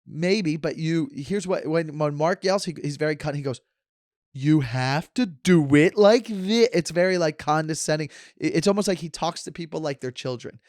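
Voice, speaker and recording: Casual male podcast host, thirties, a touch high-pitched, sarcastic tangents, dry close-mic sound. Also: brisk, hardly any pauses, dry recording. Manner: sarcastic, joking, talks in tangents. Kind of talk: casual rambling monologue.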